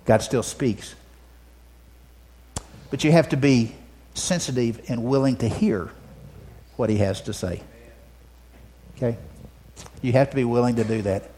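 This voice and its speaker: This male pastor preaches unhurriedly in a mid-range voice and pauses often. He goes from loud, emphatic lines to quiet asides, repeating words as he restarts phrases.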